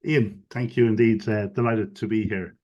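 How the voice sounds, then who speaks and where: A man's voice: fairly low pitch, steady tone, normal speed, dark tone, highs cut off. A man, a guest expert on a webinar call, explains his views fluently, sprinkling in many "you know" fillers. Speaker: guest expert on digital strategy. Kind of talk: webinar interview answers. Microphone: video call.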